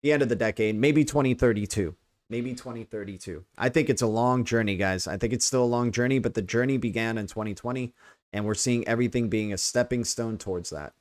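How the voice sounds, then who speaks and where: American male streamer, mid-pitched, loose and rambling with lots of fillers. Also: fairly quick, darkish tone. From United States. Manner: rambling, repeats "right?", many fillers. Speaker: crypto livestream host. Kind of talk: casual livestream talk.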